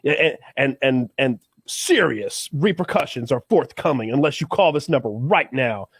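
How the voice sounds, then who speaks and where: A podcast host in casual chat, telling a story in an animated way and laughing as he acts out quotes. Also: medium pitch, normal speed, husky, no room sound, clean studio sound.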